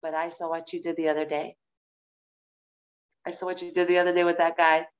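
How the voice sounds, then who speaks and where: Woman putting on a gentle, forgiving God in an online Torah class: lowered pitch, soft and reassuring. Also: little pitch movement, brisk, lo-fi sound, lightly acted. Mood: tender. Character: gentle forgiving God, a calm male presence.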